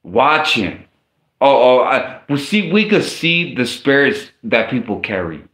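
Medium in pitch but with big swings, this unhurried, slightly bright male voice delivers an informal sermon, reading scripture in a slangy, casual way. He often stumbles and restarts, and the room echoes.

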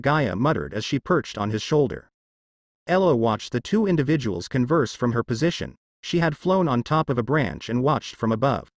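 Male narrator for a read-aloud story, animated, dry. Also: mid-range voice, brisk, no room sound.

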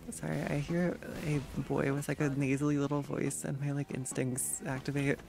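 A casual gaming streamer who chats with viewers while playing. The voice sits at a middling pitch with a steady gravelly fry, and the delivery stays sarcastic and easily exasperated. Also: normal speed. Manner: chatty, sarcastic, reacting to gameplay and chat.

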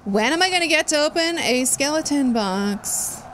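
A woman's voice: high voice, lively intonation, normal speed, fairly bright tone, slight background noise. A woman streaming a game, thinking aloud in casual commentary and swearing freely.

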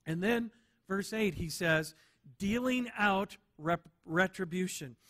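Bright high-voiced male preacher. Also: slow. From United States. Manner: emphatic preaching, repeats key words for stress; rhetorical "right?" checks with the congregation. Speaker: pastor. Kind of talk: sermon.

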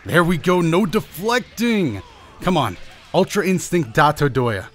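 A young man giving live commentary over his own fighting-game match, anxious and pleading with himself, his pitch jumping up and down. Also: big pitch swings, measured pace, a bit bright. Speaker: gaming channel host. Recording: faint music behind.

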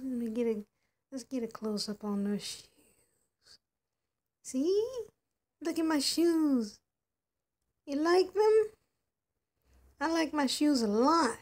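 Showy young female doll on her way out clubbing, voiced by a woman; keep it playful and chatty, high and unhurried. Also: a little mellow. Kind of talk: doll play narration.

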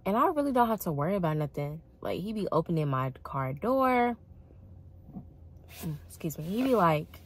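A woman's voice: fairly low pitch, big pitch swings, moderate pace, slightly rough. A young woman telling a dating story to her viewers in a casual, chatty way, often laughing and calling them y'all. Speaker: vlogger.

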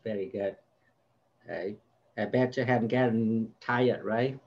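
A man's voice: on the low side, steady tone, measured pace, highs cut off. A man tutoring a child in spelling, patiently repeating each word and sounding out its vowels. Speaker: home tutor.

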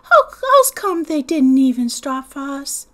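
A woman voicing a small fussy boy who asks questions in a high, drawn-out, whiny voice. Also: very animated.

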